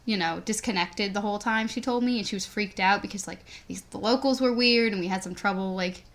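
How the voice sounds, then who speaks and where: A woman's voice: mid-range voice, a little fast, a bit bright. A young woman co-hosting a podcast, casually telling a story and filling it with "like". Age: teens. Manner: rambling, says "like" constantly. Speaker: podcast co-host.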